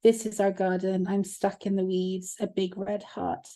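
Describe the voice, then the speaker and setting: Woman, co-host, dark mellow voice, emotional, video call. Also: mid-range voice, little pitch movement, a little slow. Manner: emotional, laughing, tearful. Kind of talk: reading out chat comments.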